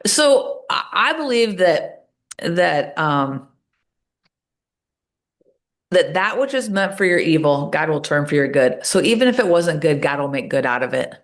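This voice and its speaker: A woman's voice: low voice, unhurried. A woman talking as a podcast guest, telling stories with energy and acting out the voices of the people she quotes. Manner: animated storyteller, acts out quoted voices. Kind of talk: casual interview talk.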